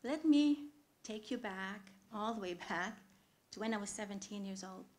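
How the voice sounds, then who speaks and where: A woman telling a true personal story live on a theatre stage, earnest, with pauses and sudden loud swells. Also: medium pitch.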